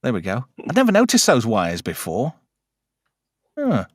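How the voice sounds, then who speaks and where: Man, podcast host, chatty, crude, animated, dry sound. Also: medium pitch, moderate pace, dry recording. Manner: chatty, crude joking, lots of fillers. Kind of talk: casual film chat.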